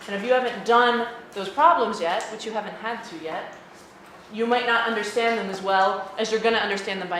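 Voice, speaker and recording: A woman teaching a class, brisk and direct, calling on students by name. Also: on the high side, a bit bright. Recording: echoey classroom with noise.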